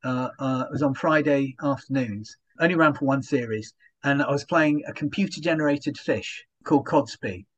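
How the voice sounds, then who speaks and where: A man, a comedian guest in an interview, telling stories in an animated way and acting out little voiced asides. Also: fairly high pitch. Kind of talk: conversational interview.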